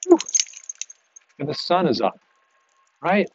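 A man's voice: on the high side, huge pitch swings, takes it slowly, lo-fi sound, a little hiss or hum. A man hosting a podcast, rambling casually to himself and his dog while walking outdoors and chuckling often. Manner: chatty and self-talking, chuckles often. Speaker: podcast host.

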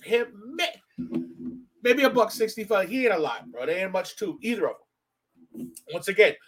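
A man hosting a podcast, telling a story in casual chat, profane and animated, acting out what others said. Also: normal speed, slightly rough, rough recording. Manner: animated, profane, acts out quotes with big pitch swings. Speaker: podcast host.

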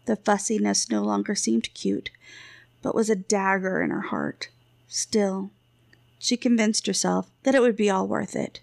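A woman reads a fantasy novel aloud in an even, steady way. Her voice is strongly gravelly with a lot of fry, and the recording is close and completely dry. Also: mid-range voice, unhurried, no echo. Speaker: audiobook narrator. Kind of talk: scripted fantasy narration.

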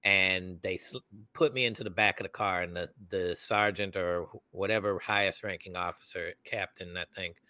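Young guy on a podcast telling a story, acts out quotes loud, bright voice, dry sound. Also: deep voice, fairly even intonation, normal speed, no echo. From United States. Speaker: podcast co-host. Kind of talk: storytelling in casual chat.

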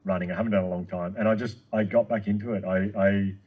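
A man in his thirties, a guest speaker telling a long story in casual chat, excitable and quick. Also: low-pitched, husky, narrow, tinny audio.

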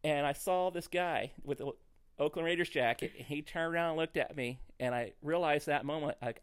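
A middle-aged man, a comedian guest on a podcast, telling a story in an animated, laughing way. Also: a little high, normal speed, pauses often, clean tone.

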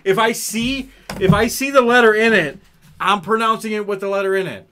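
A man from Ohio with an Ohio accent, co-hosting a casual podcast chat, animated and laughing often. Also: sits high, fairly quick, a crowd in the background. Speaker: podcast co-host.

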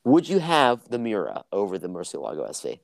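A man's voice: sits low, wildly swooping pitch, a little fast, gravelly, no room sound. A young man in casual podcast chat, teasing and quizzing his friend.

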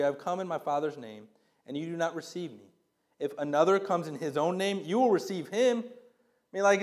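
A pastor with a high voice preaches a sermon, reading verses aloud and then explaining them. His delivery is conversational and emphatic, peppered with rhetorical questions.

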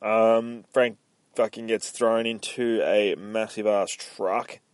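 A man hosting a comic book podcast, recapping an issue in casual, profane play-by-play and dropping into quick voice impressions. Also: lowish voice, steady tone, clean tone, no room sound.

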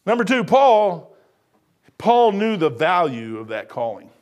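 A pastor in his sixties preaches a sermon with a notably high voice and an unhurried, folksy, lively delivery. He drops to near-hushed asides, then climbs into loud bursts, playing the people in his stories himself.

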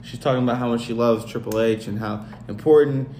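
A man's voice: fairly even intonation, fast, dark tone. A man co-hosting a casual comedy podcast that recaps wrestling, mocking and joking as he goes. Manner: mocking, jumps to a high shrill voice when quoting people. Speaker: podcast co-host. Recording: echoey room with faint noise.

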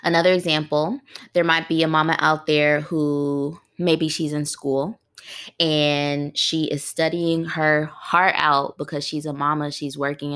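A woman's voice: low voice, fairly bright tone. A woman hosting a podcast in a casual, conversational way, often putting rhetorical questions to her listeners. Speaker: podcast host. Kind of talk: casual solo podcast talk.

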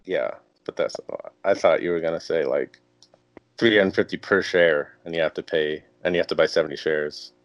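A man's voice: rumbling low, a little fast, no echo, dull audio. A young man co-hosting a podcast, reacting skeptically and laughing easily in casual banter. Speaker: podcast co-host.

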